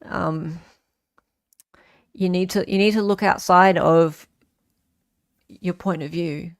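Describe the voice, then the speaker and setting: A woman's voice: lowish voice, fairly even intonation, slow, creaky. A woman hosting a casual livestream, reading viewer comments aloud and answering them in a chatty way with frequent fillers. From Australia. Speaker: livestream host.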